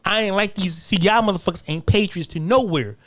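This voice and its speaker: An American man hosting a podcast, delivering a heated, profane solo rant in hammering repeated phrases that climb louder as he gets worked up. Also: fairly quick. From United States. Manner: grows louder and higher when worked up. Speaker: podcast host.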